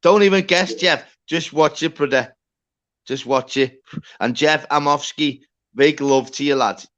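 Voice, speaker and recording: A man hosting a livestream, telling a story in a lively, sweary way. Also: fairly high pitch, a little slow. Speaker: livestream host. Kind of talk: casual livestream chat. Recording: dull lo-fi stream audio.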